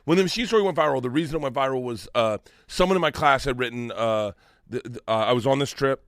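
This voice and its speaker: A man in his forties telling stories on a podcast, animated and profane, laughing as he talks. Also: medium pitch, quick pace, no echo, studio quality. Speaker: guest storyteller. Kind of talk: casual podcast storytelling.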